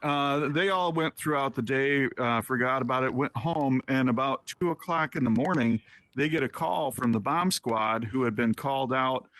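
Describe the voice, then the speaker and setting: A man's voice: medium pitch, normal speed, fairly bright tone, no room sound. A man co-hosting a talk show in casual banter, laughing often and restarting his sentences. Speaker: co-host.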